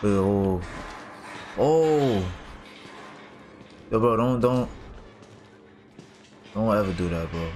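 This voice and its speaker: A man's voice: lowish voice, expressive, extremely slow, pauses often. A man commentating his horror game playthrough, reacting in panic with casual slang. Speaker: gaming streamer. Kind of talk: let's play commentary. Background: game music.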